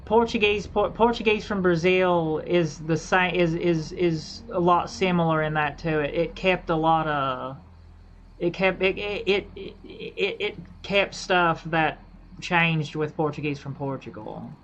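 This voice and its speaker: A woman streamer chatting casually while gaming, halting and repeating herself as she thinks aloud, on a dull lo-fi mic. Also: lowish voice, slight background noise. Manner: halting, repeats and restarts phrases.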